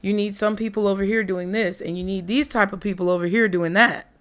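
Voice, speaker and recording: A woman's voice: mid-range voice, steady tone, fairly quick, fairly bright tone. A woman, chatting casually through a tarot reading and talking straight to her viewers. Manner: chatty, laughs often, addresses viewers as y'all and child. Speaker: tarot reader.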